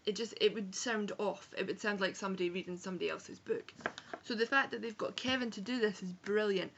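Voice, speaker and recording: Young Edinburgh woman, frank and chatty book vlogger, creaky edge, muffled webcam sound. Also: medium pitch, a little fast, background noise. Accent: Scottish, Edinburgh. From Scotland. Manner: chatty, frank, sprinkled with swearing and self-corrections. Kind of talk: casual book review vlog. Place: home room on a rainy day.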